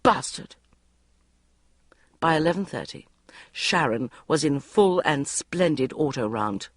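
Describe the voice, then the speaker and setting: Lively comic audiobook narrator. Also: medium pitch, unhurried, dry recording, studio quality. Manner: wry, comic storytelling. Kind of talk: first-person audiobook narration.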